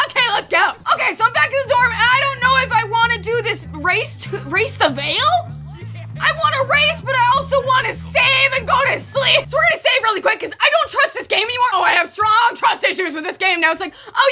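A woman's voice: very high-pitched, sharp tone. A woman casually commenting on a video game as she plays, joking and chatty. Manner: playful, jokey, chatty, laughs a lot. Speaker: gameplay video host.

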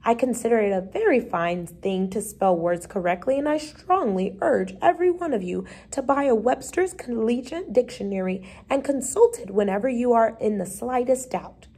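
A small, brisk male schoolteacher from a storybook, read by a woman, bossy and quick to brush off ideas. He talks crisply in a slightly high voice and gives orders. He waves away anything he finds dull. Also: animated, mellow. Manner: crisp, commanding, dismissive.

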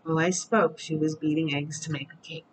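Bedtime storybook reader, calm, steady, read-aloud. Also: mid-range voice, a little fast, slight background noise, low-quality recording.

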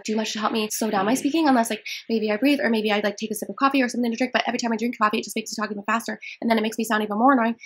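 Young female prank caller, nervous rambler, slightly high and husky. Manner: rambling, nervous, breathless fast talk. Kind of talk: scambaiting prank call, fast talk.

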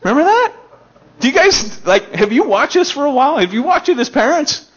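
A young American man preaching a casual storytelling sermon, animated, with loud excited bursts and quiet stretches. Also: very high voice, fairly quick. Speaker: pastor. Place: elementary school meeting room. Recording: dull lo-fi sermon recording.

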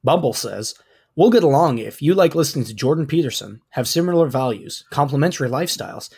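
Husky, wry male podcast co-host. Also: a little high, quick pace. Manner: blunt, wry, deadpan delivery. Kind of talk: casual chat, reading out profiles.

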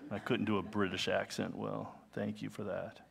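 A man's voice: on the low side, level tone, moderate pace, creaky, a little hiss or hum. A man in his fifties preaching a sermon as pastor, earnest and conversational, with personal asides. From United States. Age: 50s.

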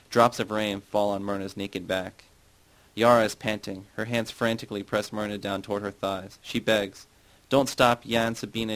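A man reading a novel aloud in a measured, plain audiobook narration. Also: lowish voice, fairly bright tone, rough recording. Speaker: audiobook reader.

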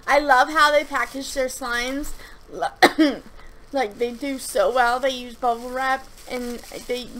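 A woman's voice: sits high, little pitch movement, slow, a bit bright. Gushing, rambling young woman reviewing slime. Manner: rambling, gushing, with many restarts and fillers. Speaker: slime reviewer and shop owner. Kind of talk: casual chatty product review.

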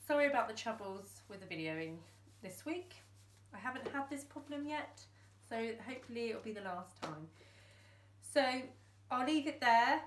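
A woman's voice: fairly high pitch, recorded from a distance, a little hiss or hum. A woman, a class teacher, reading a storybook aloud and chatting to her pupils between passages. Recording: roomy echo.

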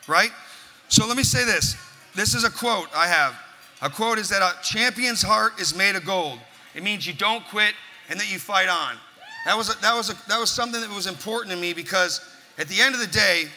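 A man with a high, bright, hard-edged voice speaks at a live event. He tells stories and pushes motivational points in short, punchy bursts. The sound carries a long echo from a large hall, with faint room noise underneath. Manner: forceful, punchy storytelling. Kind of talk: motivational speech. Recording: echoey hall, faint crowd ambience.

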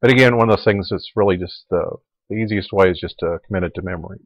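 Male Latin teacher, low voice, relaxed lecture delivery, dry recording. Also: fast talker, no room sound, muffled recording. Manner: relaxed explaining, repeating forms aloud.

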